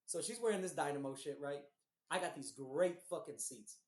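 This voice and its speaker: Hoarse man, from Houston, podcast co-host, swears a lot, rambling stories, roomy echo. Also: fairly high pitch, normal speed. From Houston, Texas. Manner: profane, rambling, animated storyteller. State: hoarse, recovering voice. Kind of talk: casual chat, storytelling.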